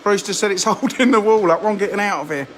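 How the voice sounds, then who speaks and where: A man's voice: high-pitched, fast, fairly bright tone, a little hiss or hum. A man, live streaming from his phone and chatting casually in a rambling, self-mocking way as he shows things to the camera. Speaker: fishery owner live streaming. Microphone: phone camera held in hand.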